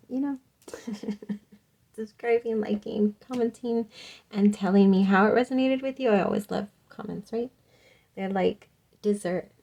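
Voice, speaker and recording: A woman's voice: medium pitch, dark tone. Young woman doing a tarot reading, chatty, giggles a lot, lots of "like". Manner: giggly, chatty, says "like" often. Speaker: tarot reader. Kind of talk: casual pick-a-card tarot reading.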